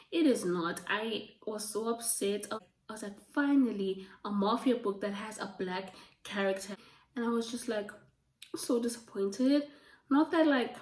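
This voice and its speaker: A woman chatting casually about books she has read, gushing and full of fillers, her voice going a little hoarse. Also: fairly high pitch. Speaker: book reviewer. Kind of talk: casual book review chat. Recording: roomy, from a distance.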